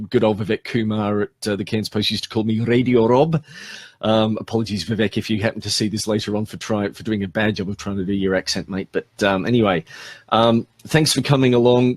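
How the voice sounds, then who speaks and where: A man's voice: mid-range voice, dry recording, studio quality. An Australian man hosting a casual live stream for his podcast, chatting and rambling with lots of ums as he thanks his listeners. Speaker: podcast host.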